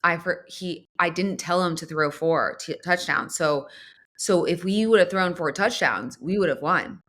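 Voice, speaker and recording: A woman in her thirties chats as a talk-show host, her voice bright and clear. She tells the story with lots of animation, slips into different voices for quotes and laughs between lines. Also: lowish voice, a little slow. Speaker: podcast host. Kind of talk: casual storytelling chat.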